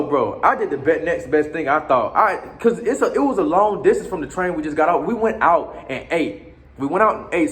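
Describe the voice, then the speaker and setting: With a slightly high, somewhat bright voice, a man casually tells a lengthy story about his time abroad. He talks in loose slang, swears a lot, restarts often and addresses asides to his listener.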